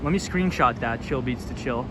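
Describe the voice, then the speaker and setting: Chatty man livestreaming on loud night streets. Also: medium pitch, normal speed. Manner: chatty, upbeat, reads comments aloud and answers them. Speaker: livestream vlogger. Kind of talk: casual livestream chat, reading viewer comments aloud. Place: outdoors on city streets at night. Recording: street noise behind a loud outdoor stream. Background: loud traffic and city ambience.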